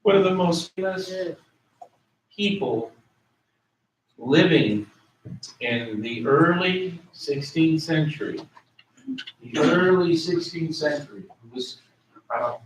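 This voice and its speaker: A man lecturing in a room with a lingering echo, his voice picked up from across the space. He speaks slowly and a touch high, going over each term again and spelling words out for the class. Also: animated, fairly bright tone. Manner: explanatory, repeats and spells out terms. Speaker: history lecturer. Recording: echoey room, voice from a distance.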